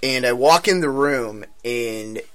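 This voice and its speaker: A man's voice: medium pitch, takes it slowly, slight background noise. A young adult man telling a long, profane anecdote in casual chat with friends, acting out the other people's lines. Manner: animated, profane, acts out voices. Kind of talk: casual storytelling among friends.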